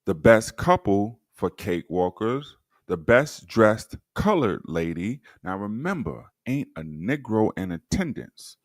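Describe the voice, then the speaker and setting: A man's voice: lowish voice, sing-song, unhurried, dry recording, clean studio sound. A man hosting a livestream, reading old documents aloud and commenting sardonically, talking straight to his viewers. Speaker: livestream host.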